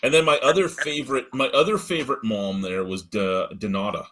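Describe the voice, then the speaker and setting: A man's voice: mid-range voice, steady tone, brisk, a bit bright, slight background noise. A man hosting a casual podcast chat, telling profane, laughing stories about old coworkers. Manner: storytelling with profane, laughing asides. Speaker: podcast host.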